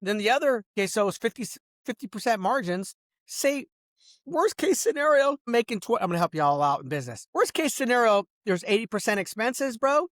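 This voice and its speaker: A man's voice: sits high, a bit bright, no room sound, studio quality. A man delivering a heated, boastful and profane rant about his businesses, calling the listener bro and dog, and swinging between outbursts and mutters. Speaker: business owner ranting. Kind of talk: profane rambling rant to camera.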